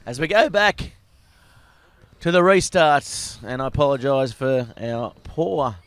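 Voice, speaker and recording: A man commentating a live rugby sevens match, excitable and rising to shouts at tries. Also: mid-range voice, slow pace, smooth. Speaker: sports commentator.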